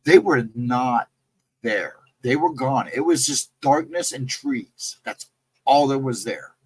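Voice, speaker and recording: A man casually telling a personal encounter story, rambling and jumping sharply higher in pitch when he quotes himself. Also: slow pace, breathy edge, no echo, low-quality recording. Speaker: guest storyteller.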